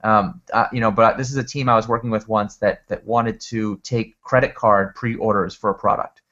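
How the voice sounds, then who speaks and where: A man telling an animated story in conversation, a lively storyteller who often restarts his sentences. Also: on the low side, moderate pace. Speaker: guest speaker. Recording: dull lo-fi recording.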